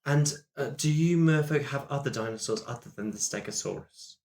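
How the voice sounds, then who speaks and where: A man's voice: medium pitch, brisk, darkish tone. A man playing a tabletop game, asking questions in a hesitant, curious way. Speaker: player.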